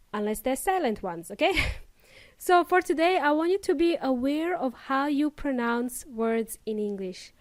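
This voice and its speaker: A woman with a high, bright voice hosts a podcast lesson for English learners. She speaks slowly and deliberately, stressing each sound, and the recording is dry and close. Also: dry recording. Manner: slow, careful, emphatic teaching delivery. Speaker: English teacher and podcast host.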